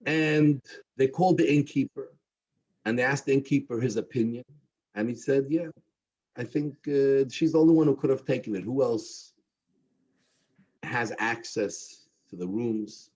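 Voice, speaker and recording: A man telling a story at a Havdalah gathering, animating the characters with a husky voice. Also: a little slow. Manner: animated, voicing characters with rising pitch. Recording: dull lo-fi recording.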